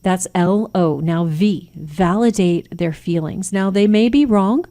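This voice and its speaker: Hosting a Christian radio program, an American radio host who is also a nurse practitioner offers earnest parenting advice, acting out example phrases. She speaks a little slowly in a warm, mid-range voice.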